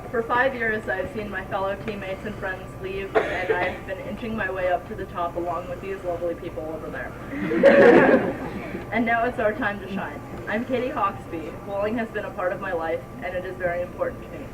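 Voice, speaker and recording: A woman's voice: mid-range voice, a little fast, few pauses. A teenage girl giving an emotional, tearful thank-you speech as a senior on her team. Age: teens. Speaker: senior student speaker. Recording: distant mic in noisy bowling alley.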